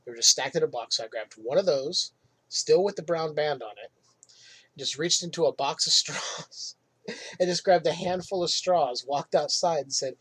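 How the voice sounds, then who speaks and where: Husky man telling work stories. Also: on the high side, moderate pace. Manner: animated anecdote-telling, laughs while telling. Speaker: podcast host. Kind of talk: casual storytelling monologue.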